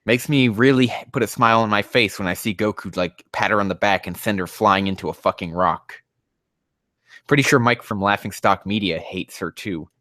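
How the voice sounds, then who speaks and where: A man's voice: fairly low pitch, moderate pace, pushed and bright, dry recording, clean studio sound. A man reading fanfiction aloud and ranting about it in profane, exasperated commentary.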